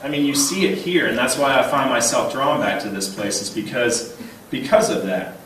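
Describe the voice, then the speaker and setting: A man's voice: mid-range voice, moderate pace. A man in his thirties gives a light, humorous speech at a banquet and tells personal stories with plenty of chuckles. He restarts his sentences often, and his voice sounds distant and washed in heavy reverb from a large hall. A faint hum of room noise sits underneath. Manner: animated, chuckling often, repeats words when starting a thought. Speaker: banquet keynote speaker. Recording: very echoey hall, voice heard from a distance.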